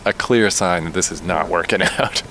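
Laughing, rambling low-voiced young man. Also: normal speed, bright, forceful tone, a little hiss or hum. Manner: laughs often, rambling and self-deprecating. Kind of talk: casual chat. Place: outdoors at a picnic table outside a bar.

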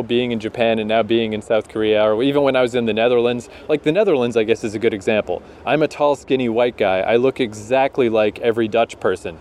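Canadian man, young, casual chat, animated, laughs a lot, slows down to stress a point. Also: mid-range voice. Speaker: podcast co-host.

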